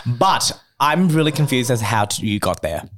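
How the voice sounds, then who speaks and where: A man's voice: medium pitch, big pitch swings, moderate pace, fairly bright tone. A male podcast co-host who chats casually, speaks bluntly and swears freely. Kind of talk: casual chat.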